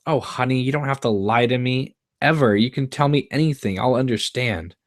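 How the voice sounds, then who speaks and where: A man's voice: mid-range voice, normal speed, pitched above the performer's own voice, close to an everyday voice. Man voicing an earnest worried mother. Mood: soothing. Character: caring middle-aged mother, firm then soothing. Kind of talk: live screenplay read-through.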